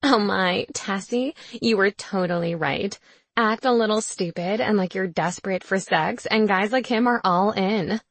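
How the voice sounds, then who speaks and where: A woman's voice: mid-range voice, a little slow, dry recording. A woman voicing a saucy, coy young sorority leader who schemes. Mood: smug.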